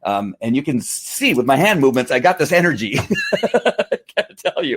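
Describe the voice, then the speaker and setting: Animated middle-aged man, casual testimonial. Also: medium pitch, moderate pace, breathy edge. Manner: animated, acts out angry outbursts, many fillers and restarts. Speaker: vlogger selling wellness products.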